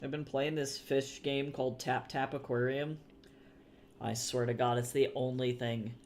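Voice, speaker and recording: A man's voice: medium pitch, little pitch movement, unhurried, slight background noise. An American man streaming, chatting casually with viewers and swearing freely as he reacts to the chat. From United States.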